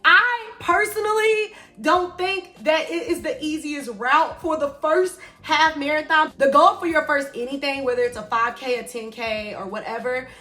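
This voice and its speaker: Bright, high-voiced chatty young woman. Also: moderate pace, hardly any pauses. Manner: animated, chatty, dramatic, joking asides. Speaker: running vlogger. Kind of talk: casual vlog storytelling.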